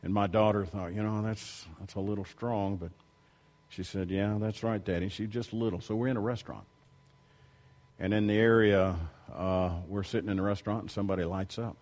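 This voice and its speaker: A middle-aged man preaching a sermon, telling stories in a low voice and then rising loudly as he reads and exhorts. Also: fairly even intonation, a little fast. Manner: shifts from quiet storytelling to loud preaching.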